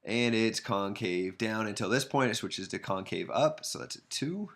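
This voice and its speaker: A man's voice: fairly low pitch, moderate pace. A man giving a casual math lesson, thinking aloud and making fun of his own drawing as he sketches a graph. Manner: relaxed, self-deprecating, thinks aloud while sketching. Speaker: math instructor.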